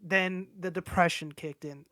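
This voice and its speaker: A man's voice: sits high, fairly even intonation, a little slow, sharp tone, dry recording, clean studio sound. Rambling, candid man in his twenties. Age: 20s. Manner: rambling, candid, swears freely. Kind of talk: casual chat.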